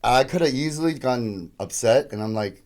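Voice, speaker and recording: Podcast co-host guy, laid back, says like a lot, average pitch. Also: lively intonation, moderate pace, a little mellow. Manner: loose storytelling full of "like". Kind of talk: casual chat.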